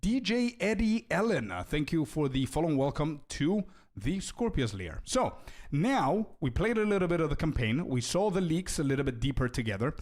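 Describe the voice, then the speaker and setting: A man's voice: on the high side, very animated, normal speed, few pauses, darkish tone. A young man streaming, chatting casually with his viewers and thanking donors. He laughs often, stumbles into restarts, and keeps calling people bro and dude.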